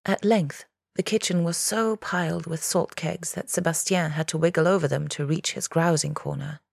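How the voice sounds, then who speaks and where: A woman with a deep, gravelly voice reads a fantasy tale aloud. She drops to a hush for the whispered lines and lifts sharply for the shouted ones. The recording is close and dry. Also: fairly even intonation, moderate pace, no echo. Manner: voices characters with whispers and raised cries. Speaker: narrator. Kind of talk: scripted narration.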